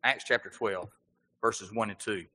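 Male pastor, bright forceful tone, preaching with rhetorical questions, big hall reverb. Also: fairly low pitch, fairly even intonation, measured pace. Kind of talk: sermon.

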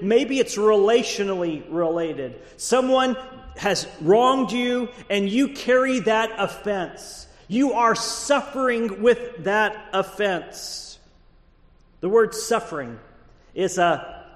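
Guy pastor preaching sunday sermon, pretty high voice, big echoey church sound. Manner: measured preaching, drawing out key words. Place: church sanctuary.

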